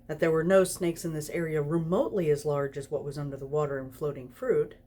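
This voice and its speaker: A woman's voice: low voice, steady tone, fairly quick, dark tone. A tipsy woman reading a story aloud, giggling through it. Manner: giggly, snorty laughs while reading. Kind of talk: reading fan fiction aloud.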